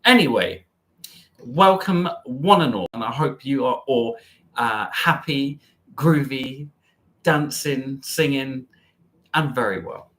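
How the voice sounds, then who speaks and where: A man's voice: lively intonation, slow, fairly bright tone. A man hosting a live travel stream, chatting cheekily with his viewers and letting his voice swing up and down. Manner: cheeky, bubbly, jumps up and down in pitch.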